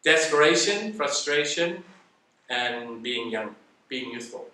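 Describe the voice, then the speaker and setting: An older man from England telling stories about his early career in a relaxed, self-deprecating way. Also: mid-range voice, slow, a little hiss or hum. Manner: reflective, self-deprecating storyteller. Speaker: interview guest, salon educator. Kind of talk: casual storytelling interview. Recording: echoey room, mic at a distance.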